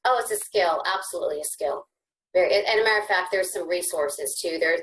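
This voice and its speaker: A middle-aged woman, a podcast guest, speaking conversationally and with animation, her pitch swooping high when excited and her words often restarting. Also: poor audio. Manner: frequent repeated word restarts. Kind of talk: conversational interview.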